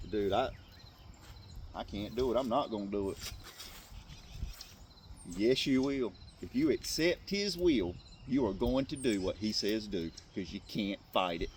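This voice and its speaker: A man's voice: fairly low pitch, expressive, measured pace, pauses often, slight background noise. Tearful impassioned man preaching. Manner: emotional, preachy, swings from hushed to loud bursts. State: tearful at times. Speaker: faith speaker addressing men. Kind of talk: impassioned Christian motivational talk.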